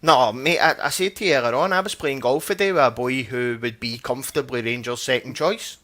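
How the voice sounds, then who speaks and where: A man's voice: medium pitch, fairly quick, bright, forceful tone. A man co-hosting a football podcast, giving his opinions in an emphatic, insistent way. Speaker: podcast co-host.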